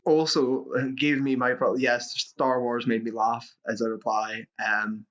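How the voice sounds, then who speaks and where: A man's voice: mid-range voice, little pitch movement, unhurried, fairly bright tone, lo-fi sound. A man co-hosting a podcast, chatting casually about a film, rambling and swearing, restarting his sentences. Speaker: podcast co-host. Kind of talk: casual film-review chat.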